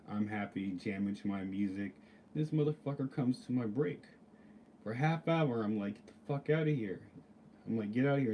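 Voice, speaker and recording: Rambling, profane man with a low, dark voice. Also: slight background noise. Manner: rambling, profane, lots of "like" fillers. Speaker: vlogger. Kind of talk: casual storytelling rant.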